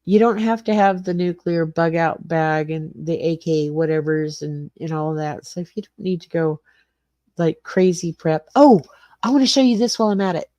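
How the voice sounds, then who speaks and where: This livestream host is an older woman broadcasting casually from her small garage suite, where she says hello to viewers by name and meanders through the chat. She has a low, dark voice at a moderate pace, recorded with no echo but dull-sounding audio.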